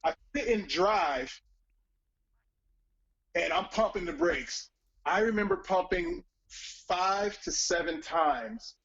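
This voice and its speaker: Man, storyteller type, profane and animated, husky tone, lo-fi audio. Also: high-pitched, takes it slowly. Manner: profane, animated, acts out quoted voices. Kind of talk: casual storytelling chat.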